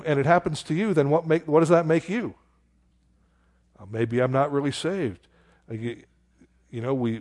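A man's voice: medium pitch, a little mellow. A man preaching a verse-by-verse sermon in a conversational way, full of rhetorical questions and exclamations. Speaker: pastor. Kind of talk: expository sermon.

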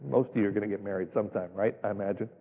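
Husky preacher in a reverberant church. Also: male voice, lowish voice, fairly even intonation, very fast. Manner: folksy, emphatic, rhetorical questions. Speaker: pastor. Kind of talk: sermon. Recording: tinny phone-like sound, long hall reverb.

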